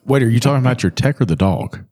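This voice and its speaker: A man's voice: mid-range voice, expressive, fast, mellow. A man in a casual podcast chat, teasing wryly and telling stories.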